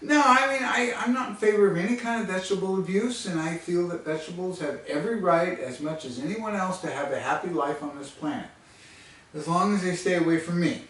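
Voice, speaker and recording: A man tells a funny personal anecdote in a loose, rambling way, laughing at himself as he goes. His voice sits a little high. He is picked up from a distance in a strongly echoing room. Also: brisk, fairly bright tone, slight background noise. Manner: chuckling, rambling and self-mocking. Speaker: storyteller. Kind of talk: casual storytelling vlog. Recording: distant mic in a very echoey room.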